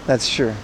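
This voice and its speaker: A man's voice: medium pitch, vocal fry, noisy background. A man in his thirties hosting a casual livestream outdoors on city streets, rambling and answering viewer chat while biking. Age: 30s. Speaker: livestream host.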